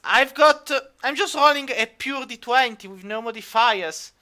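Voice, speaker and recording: A man's voice: very high voice, moderate pace, sharp tone. A man running a tabletop game as game master, rambling with lots of fillers. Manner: rambling, many fillers, laughs easily.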